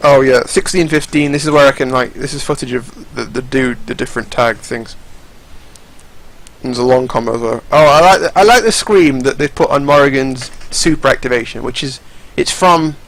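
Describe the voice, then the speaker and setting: A man's voice: medium pitch, moderate pace, a bit bright, low-quality recording. A young man giving casual, rambling, profane commentary over fighting game footage, often restarting his sentences.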